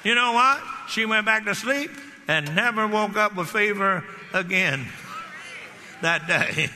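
A man preaching a sermon, telling animated stories and shouting declarations. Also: sits high, measured pace, some chatter behind, a little hiss or hum. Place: church hall. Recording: hall reverb.

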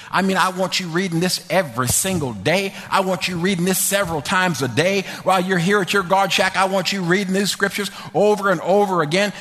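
A man preaching a sermon, telling a story with fervor and leading a prayer in a church. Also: high voice. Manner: fervent storytelling, then quiet prayer. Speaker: pastor.

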